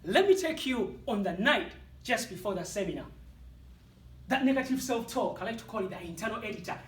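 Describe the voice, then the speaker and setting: A man with an African accent delivers a motivational speech to an audience, taking his time over each phrase. His pitch leaps and swoops dramatically, with punchy pauses between lines. He sounds echoey and distant, as if picked up from far back in a hall. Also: expressive, fairly bright tone, a little hiss or hum. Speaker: motivational speaker. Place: speaking hall with live audience.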